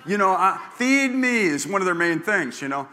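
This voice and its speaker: Folksy older pastor, bright voice. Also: male voice, a little high, fairly quick, long reverb tail. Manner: folksy, joking, repeats himself. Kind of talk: sermon. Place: church sanctuary.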